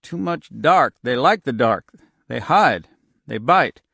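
A man's voice: medium pitch, animated, slow, gravelly, bright, forceful tone, slightly rough, no echo, clean studio sound, full character voice. A man voicing a rattled, fearful man who speaks in short, jittery phrases. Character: frightened, rattled older man, paranoid.

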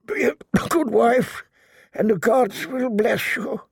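Dying old lord, husky and pained, pitched high and thin, read by a man, strained and pleading. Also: slow, dry recording, studio quality, heavily acted. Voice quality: husky, thick with pain.

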